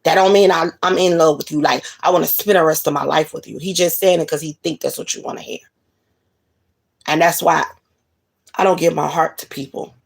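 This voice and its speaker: A woman's voice: low voice, steady tone, brisk, gravelly, breathy edge. A woman delivering a blunt, profane monologue of relationship advice in a casual, preachy way. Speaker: spiritual reader.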